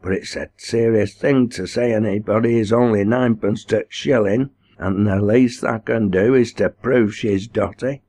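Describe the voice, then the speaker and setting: A man's voice: fairly low pitch, steady tone, moderate pace, few pauses, dark tone, voice pushed up. A man voicing a sly, white-haired old village man who takes snuff, speaking a drawling dialect in a raised voice. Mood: wry. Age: older.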